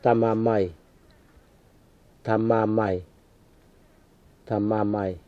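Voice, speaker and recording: Slow deliberate man on tinny field tape. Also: lowish voice, level tone. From Wadeye area, Northern Territory, Australia. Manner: says each word three times, slow and deliberate. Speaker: language speaker repeating words. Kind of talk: slow careful word repetition for recording.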